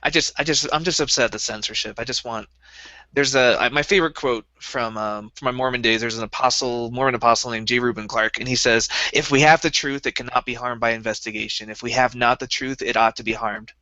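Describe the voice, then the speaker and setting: A man with a bright, forceful tone speaks quickly in a casual podcast chat, chiming in and agreeing. His voice is dry and close on the mic, and the recording sounds a little dull. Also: medium pitch, steady tone, no echo.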